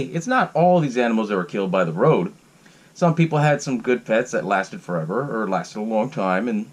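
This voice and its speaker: A man hosting his own podcast, giving a casual, rambling recap of a horror film, swearing freely and laughing between sentences. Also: mid-range voice. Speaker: podcast host. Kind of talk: casual solo movie recap.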